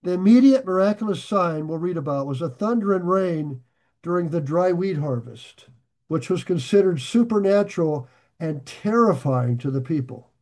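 A man preaching a sermon, talking to his listeners in an easy, conversational way and slowing down to press home key phrases. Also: high-pitched, animated, a little mellow. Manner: emphatic, slows and rises to stress key phrases. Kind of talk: sermon on scripture.

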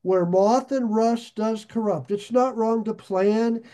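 A man with a fairly high voice delivers a sermon at an unhurried, measured pace. He reads scripture aloud and stops to explain it, putting questions to the congregation. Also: dark tone. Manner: slow, deliberate, asks the listeners questions. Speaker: pastor.

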